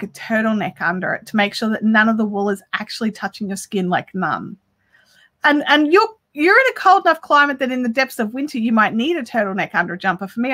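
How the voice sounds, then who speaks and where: A woman's voice: a little high, pushed and bright. A woman hosting a crochet live stream, chatting casually and talking straight to her viewers as she reads their messages. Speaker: crochet livestream host.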